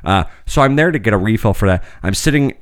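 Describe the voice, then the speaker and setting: A man's voice: fairly low pitch, animated, fast. A man on a podcast telling a long, rambling story with lots of restarts and swearing, acting out the people in it. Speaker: podcast co-host. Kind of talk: casual storytelling chat.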